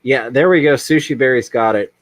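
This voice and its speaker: A man's voice: mid-range voice, fairly quick, dry recording. A man hosting a casual livestream, reading chat aloud and rambling with many ums. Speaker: livestream host.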